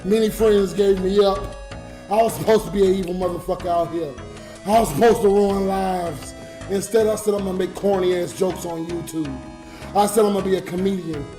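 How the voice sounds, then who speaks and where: A man's voice: high-pitched, steady tone, fairly quick, over music. A drunk man livestreaming to his chat, crying and ranting in an emotional, slurred way. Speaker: livestreamer and YouTube comedian.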